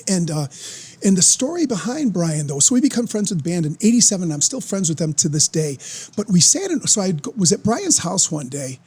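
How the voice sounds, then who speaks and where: An older former football player, guesting on a podcast, tells casual stories in a husky, high-pitched voice at a fairly quick pace. He's animated and excitable, acting out the voices of people he quotes.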